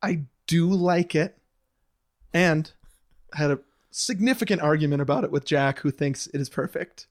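A man co-hosting a casual podcast chat, joking with quick asides and laughing often. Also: fairly high pitch. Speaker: podcast co-host.

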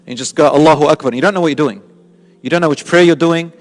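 A man's voice: a little high, fast talker, big-room sound. A man giving a religious lesson in a mosque, explaining points and putting questions to his listeners. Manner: explanatory, asks the audience questions. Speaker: religious teacher. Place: mosque hall.

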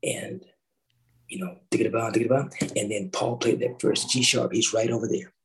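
A middle-aged man, a former orchestral timpanist, telling an animated story in a roundtable talk, acting out quotes and singing drum parts. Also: medium pitch, normal speed, a little hiss or hum, rough recording. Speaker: orchestral timpanist recalling his start.

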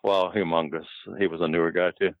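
A man's voice: low voice, level tone, fast talker, narrow, tinny audio. An older man and former wrestler telling casual, rambling stories from the road, full of fillers and restarts. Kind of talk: casual storytelling.

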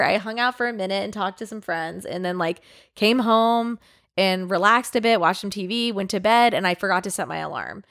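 A young woman chats casually on a podcast, telling a long personal story. She rambles, fills her sentences with fillers, and swears now and then, with a voice of ordinary pitch for a woman. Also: moderate pace, a bit bright. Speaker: podcast co-host. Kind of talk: casual chat.

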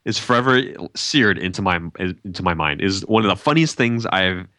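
A man with a lowish, bright and forceful voice talks in a relaxed, chatty way. He laughs easily. The sound is dry and close. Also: moderate pace, dry recording. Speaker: podcast host and tournament organizer. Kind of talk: casual chat.

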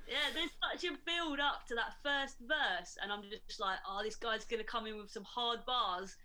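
A woman, a DJ on a radio panel, giving a frank and lively review of a track in casual chat. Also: a little high, normal speed. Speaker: DJ and panel guest.

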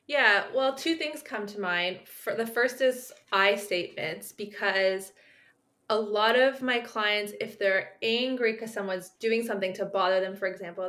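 A woman's voice: medium pitch, moderate pace, fairly bright tone. A woman speech therapist explaining her approach at length in a podcast conversation, with frequent fillers.

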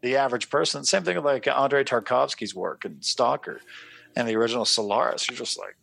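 Man, podcast co-host, gravelly voice, dry sound, animated casual storytelling. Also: mid-range voice, fairly quick, no echo. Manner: animated storyteller, swears, acts out his own reactions. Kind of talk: casual chat.

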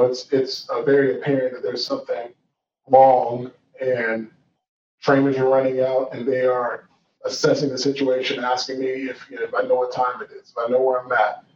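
A man's voice: mid-range voice, darkish tone. A young man tells his own story in an earnest, reflective voice, restarting his sentences and leaning on fillers. He sounds set back from the mic, with room echo around him. The audio is dull and carries a faint hiss. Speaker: guest telling his story. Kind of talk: personal storytelling. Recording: roomy, distant, dull sound with faint noise.

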